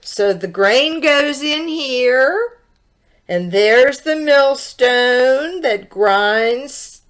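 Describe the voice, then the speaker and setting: A woman teacher reading a picture book aloud to children, gently asking her young listeners questions. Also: a little high. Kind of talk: children's read-aloud storytelling.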